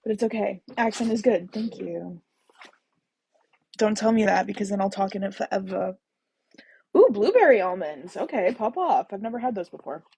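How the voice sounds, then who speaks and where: Chatty gal on a phone livestream, bit gravelly, bubbly and jokey. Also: female voice, mid-range voice, animated, normal speed, pauses often, warm tone, slight background noise, low-quality recording. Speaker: host of a book-reading livestream. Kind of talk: casual live chat with viewers.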